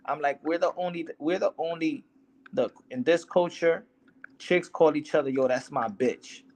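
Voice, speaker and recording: A man's voice: a little high, moderate pace, darkish tone. A young man, a boxer, talking in a casual interview in a heated, emphatic, profane way, often repeating himself.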